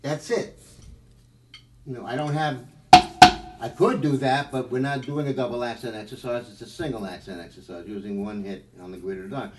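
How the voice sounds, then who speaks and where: A man's voice: medium pitch, normal speed. A man teaching a live drum lesson, rambling and thinking aloud with many fillers. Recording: echoey room, mic at a distance, background noise.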